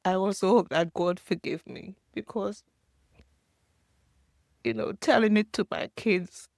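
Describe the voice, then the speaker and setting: An older woman from Jamaica telling her own painful childhood story as a halting, emotional personal testimony. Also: medium pitch, creaky, darkish tone, dry recording, studio quality. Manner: halting, emotional, pausing often.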